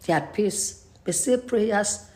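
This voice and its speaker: A woman from Nigeria hosting a faith live stream, talking in an earnest, pleading and halting way while grieving and stressed. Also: medium pitch, a little mellow. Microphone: computer mic.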